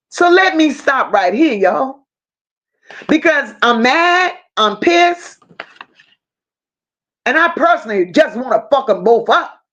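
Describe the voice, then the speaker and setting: A woman's voice: high voice, sing-song, takes it slowly, long pauses, a bit bright, muffled recording. A woman hosting a casual true crime livestream, telling the story bluntly and with strong emotion, swearing freely and talking straight to her viewers. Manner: addresses viewers directly.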